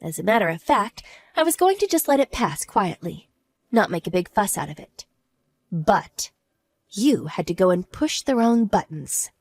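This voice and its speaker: A woman voicing a wronged wife in an audio drama, smug and sarcastic as she calmly mocks. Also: mid-range voice, normal speed, dry recording. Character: cool, mocking wronged wife, adult woman.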